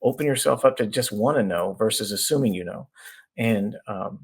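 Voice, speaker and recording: A middle-aged man, an executive coach guesting on a podcast, explaining his ideas through lively stories and acted-out voices. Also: fairly low pitch, normal speed, husky. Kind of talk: conversational storytelling.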